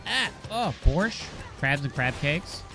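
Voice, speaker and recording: A man's voice: a little high, big pitch swings, slow pace. A man from Massachusetts with a Boston accent, streaming a game and chatting loosely with viewers, joking and swearing freely. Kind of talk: casual gameplay chat with viewers. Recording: game music playing behind.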